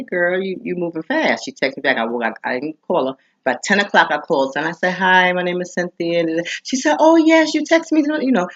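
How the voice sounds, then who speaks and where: A woman talking casually to camera in a vlog, chatty and quick, acting out what others said to her. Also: lowish voice, a bit bright, highs cut off. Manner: chatty, fast, acts out quoted voices. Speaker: vlogger promoting a business.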